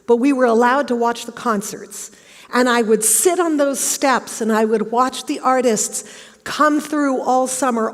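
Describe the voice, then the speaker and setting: Middle-aged lady telling her story on stage, bit high voiced, big echoey auditorium. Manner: storytelling, acts out quoted questions. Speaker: speaker giving a talk. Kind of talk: motivational stage talk. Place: large auditorium. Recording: long hall reverb.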